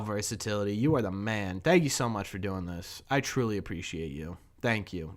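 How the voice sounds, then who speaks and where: A man's voice: fairly low pitch, animated, moderate pace, hardly any pauses, fairly bright tone. A man hosting a live fan show, chatting casually with viewers, thanking them and answering their questions. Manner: talks to the chat, reads off gifted subs; conversational, hedging. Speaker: host of a fan livestream. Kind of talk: casual livestream chat.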